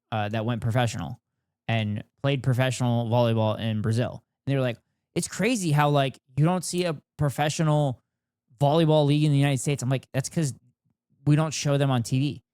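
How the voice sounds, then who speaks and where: Young man, streamer, casual rant, sarcastic, lots of swearing, mid pitch, dry sound. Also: steady tone, moderate pace, darkish tone, clean tone, dry recording. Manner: profane, ranting, sarcastic, swears a lot. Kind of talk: casual stream chat, reacting and reading chat.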